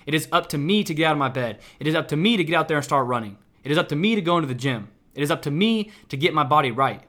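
Young male podcast host from Kansas City, bright and forward tone, pitched a bit high, preachy and emphatic with lots of "right?". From Kansas City, Missouri. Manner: emphatic and repetitive, with frequent "right?". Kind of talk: motivational solo podcast.

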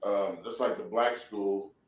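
A man's voice: fairly low pitch, steady tone, measured pace. A middle-aged man from San Diego telling loose, laughing, profanity-laced stories as a guest in a casual interview. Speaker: comedian and actor guest. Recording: roomy sound from a distant mic.

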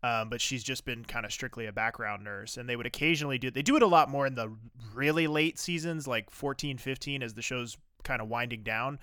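A man's voice: mid-range voice, fairly even intonation, fairly quick, few pauses, sharp tone, clear, resonant tone, dry recording, clean studio sound. A man co-hosting a podcast, recapping a TV drama in casual, rambling chat with lots of fillers. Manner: enthusiastic, rambling with many fillers. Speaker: podcast co-host.

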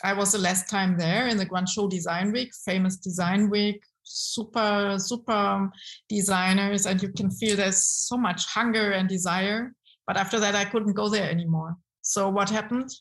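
A woman's voice: mid-range voice, moderate pace, low-quality recording. Woman telling business stories. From Germany. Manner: lively storytelling with frequent um and restarts. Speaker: guest, brand consultant. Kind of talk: casual interview talk.

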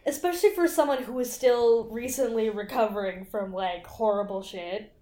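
A woman in casual chat as a podcast co-host, chatty and quick to laugh while quoting characters. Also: on the high side, mellow. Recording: echoey room.

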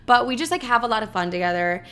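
A woman's voice: a little high, fast, clean tone. A young woman telling a dating story casually, with a dramatic, profane delivery full of quoted back-and-forth. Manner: profane, dramatic, animated retelling with quoted dialogue.

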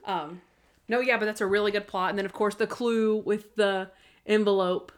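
A woman co-hosting a podcast, chatting casually and recapping TV episodes with lots of "like" and quick asides. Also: medium pitch, steady tone. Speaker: podcast co-host.

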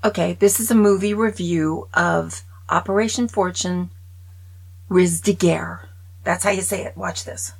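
A woman's voice: fairly low pitch, fairly even intonation, normal speed, vocal fry, few pauses, slightly rough, rough recording. A woman chatting casually in her own video movie review, opinionated and dropping often into whispers.

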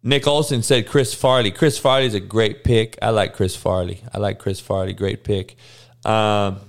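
A man's voice: on the low side, vocal fry. Hungover male stream host, sluggish and profane, clean resonant voice. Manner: crude, blunt trash talk with frequent swearing; slow, monotone delivery. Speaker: live-stream host reading chat. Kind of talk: casual profane live-stream chat.

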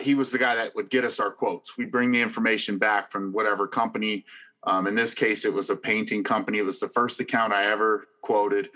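A middle-aged man who works as an insurance agent, telling a story in an animated, emphatic way. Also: on the low side. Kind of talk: casual storytelling chat.

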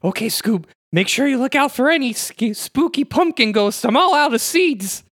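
A lanky, easily spooked young slacker as a man puts him on talks in a high, whiny drawl that leaps up and down. He sounds jittery and pleading, a cartoon sidekick in a tabletop game. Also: animated, moderate pace, a bit bright. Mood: nervous. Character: laid-back scared young male stoner sidekick.

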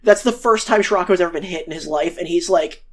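A woman's voice: fairly low pitch, fast. Rambling, profane woman recapping episodes. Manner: profane, rambling, acts out quoted characters. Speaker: podcast co-host.

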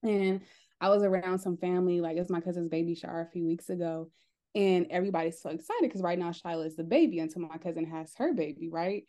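A young woman co-hosting a casual podcast chat, telling lively stories and acting out her family's voices. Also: fairly low pitch, fast. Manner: animated storyteller, acts out family voices. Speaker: podcast co-host.

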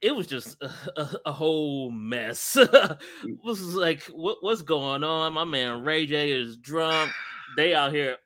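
A man's voice: a little high, lively intonation, measured pace, sharp tone. A man co-hosting a casual chat, telling stories animatedly and laughing often. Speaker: podcast co-host.

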